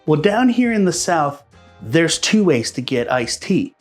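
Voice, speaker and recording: A man's voice: fairly high pitch, sing-song, unhurried, faint music behind. A man from Pennsylvania, a realtor, giving friendly, chatty advice straight to camera in a casual vlog. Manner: friendly, chatty, addresses viewers as guys. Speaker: realtor and local vlogger.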